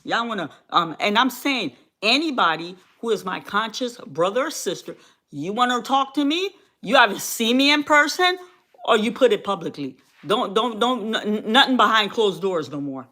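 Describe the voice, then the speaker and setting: With a bright, forceful, mid-range voice, expressive and at normal speed, a fiery woman rants on her livestream. She repeats herself, exclaims often, and talks back to her chat.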